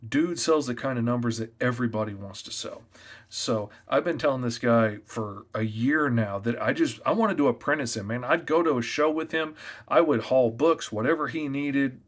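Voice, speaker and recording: A comic artist, a man, giving sales tips in a loud, energetic, chatty way. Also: mid-range voice. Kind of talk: casual tips talk to camera.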